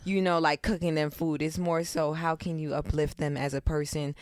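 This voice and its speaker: Lower-voiced young woman, smooth and casual. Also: flat delivery, moderate pace, dry recording. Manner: casual slangy talk, open and heartfelt. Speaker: podcast co-host. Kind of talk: casual chat. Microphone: podcast mic on camera.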